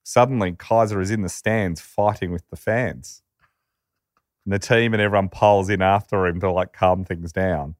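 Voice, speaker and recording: Deep-voiced storyteller. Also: male voice, normal speed, no echo, studio quality. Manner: lively storyteller, quotes characters. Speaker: podcast co-host. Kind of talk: storytelling chat.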